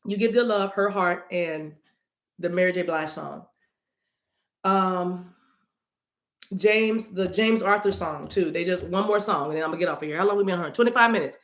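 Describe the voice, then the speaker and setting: During a casual livestream card reading, a spiritual reader with a fairly low-pitched voice chats with her audience, reads their messages aloud and sings snippets. She speaks at a moderate pace, addressing chat directly, and the sound is roomy.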